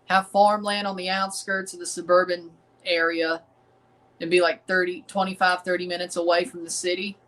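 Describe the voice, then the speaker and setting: Southern US man, streamer host, bright voice, rambling and defiant, repeats lines. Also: high voice, little pitch movement, normal speed, low-quality recording. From American South. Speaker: streamer hosting a match watchalong. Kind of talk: casual livestream commentary.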